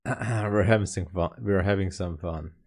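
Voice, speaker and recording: A man's voice: low-pitched, normal speed, darkish tone. A man giving live commentary while day trading, making wry, muttered remarks to himself about the chart. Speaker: day trader streaming live.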